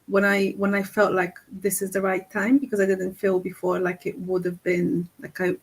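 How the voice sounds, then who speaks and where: A woman's voice: mid-range voice, completely flat delivery, normal speed, husky, low-quality recording. A woman who is a spiritual medium and healer, hosting a casual podcast chat and talking hesitantly, with many fillers and restarts.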